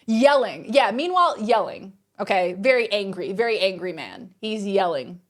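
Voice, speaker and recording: A woman streamer telling a story to her live chat in a lively, exasperated way, swearing freely. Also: mid-range voice, moderate pace. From Australia.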